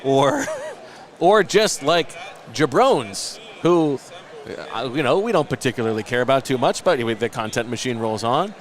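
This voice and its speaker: A man's voice: medium pitch, expressive, moderate pace. Rambling late-thirties male podcast host. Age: late 30s. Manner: rambling, self-mocking storyteller. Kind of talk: casual chat.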